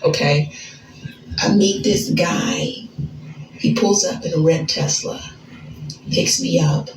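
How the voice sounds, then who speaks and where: An American woman telling a casual story in an animated, slangy, chatty way. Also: lowish voice, slow, reverberant, soft background music, poor audio. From United States. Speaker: storyteller in a social media clip.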